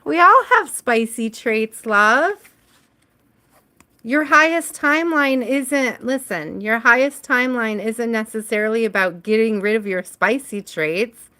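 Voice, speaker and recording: Woman, tarot reader, casual livestream chat, slow unhurried delivery, laughs often, talks to viewers by name. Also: fairly high pitch, pushed and bright.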